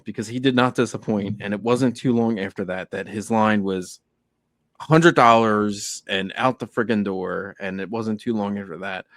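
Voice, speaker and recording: A man's voice: fairly low pitch, no echo, clean studio sound. A man co-hosting a casual podcast, telling heartfelt stories and acting out quoted lines. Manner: earnest storytelling, acts out quotes. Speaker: podcast co-host.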